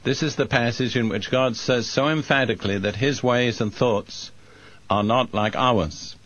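A man preaching a sermon, reading scripture and explaining it in a slow, deliberate, emphatic way. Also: medium pitch, fairly bright tone, no room sound. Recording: dry, dull lo-fi recording.

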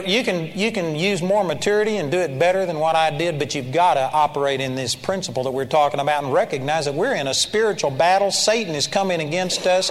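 An older man preaching a sermon, telling personal stories with animated energy and sudden loud shouts of praise. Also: a little high. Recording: church hall reverb with faint ambience.

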